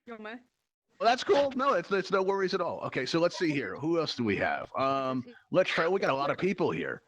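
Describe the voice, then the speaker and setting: Fast, animated male game show host. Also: a little high, dull audio. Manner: playful, teasing banter with contestants. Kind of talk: live virtual reality game show hosting. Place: virtual reality social event.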